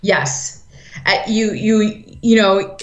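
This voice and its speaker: A woman co-hosting a podcast in casual chat, telling a story in an animated way and acting out quotes. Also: medium pitch, drawn-out words, lo-fi sound. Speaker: podcast co-host. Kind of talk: casual chat, retelling an opera plot.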